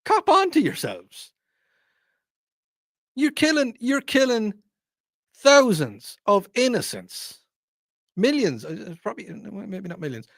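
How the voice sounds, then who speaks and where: A man's voice: high-pitched, wildly swooping pitch, takes it slowly, long pauses, a bit bright, no echo, clean studio sound. A man hosting, delivering a rambling, wry, opinionated monologue full of asides. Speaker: host. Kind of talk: opinionated radio-style monologue.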